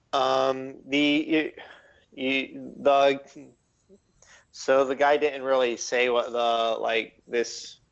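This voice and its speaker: A man narrating a tabletop game as game master, halting and full of ums and likes. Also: medium pitch, steady tone, creaky, lo-fi sound.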